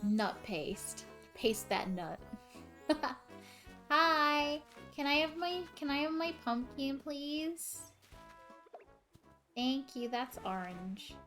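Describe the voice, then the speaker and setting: A woman chatting casually and swearing freely as she reacts out loud to a video game on a live stream. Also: high-pitched, animated, very slow, pauses often, faint music behind.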